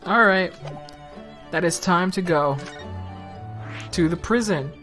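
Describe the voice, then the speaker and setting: A woman's voice: fairly low pitch, takes it slowly, a bit bright, faint music behind. A woman giving casual commentary while playing a game, swearing freely and laughing often. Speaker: let's play gamer.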